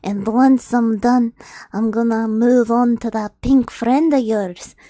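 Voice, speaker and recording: A hulking green ogre, cruel and gloating, drawls out his threats slowly and loudly, as a woman reads him aloud. His taunting is menacing, and the sound is dry and close. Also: fairly high pitch, fairly even intonation, no room sound.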